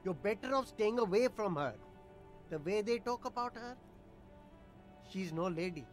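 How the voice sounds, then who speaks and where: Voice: medium pitch, lively intonation, normal speed, faint music behind, natural voice. A voice actor playing a defensive, boastful street vendor in a video game who keeps dodging questions with rambling denials. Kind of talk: game voice acting.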